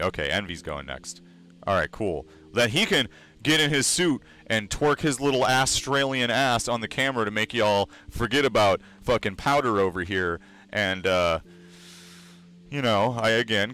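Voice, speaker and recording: A young man streaming, ranting loudly and sarcastically with constant swearing. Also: fairly low pitch, clear, resonant tone. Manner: loud, sarcastic, swearing freely. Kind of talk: casual profane stream rant.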